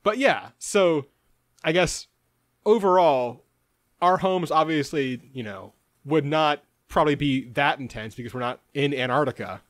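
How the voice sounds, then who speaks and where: A man co-hosting a podcast, joking and chatty with quick asides. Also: a little high, lively intonation, dry recording, clean studio sound. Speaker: podcast co-host. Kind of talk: casual podcast chat.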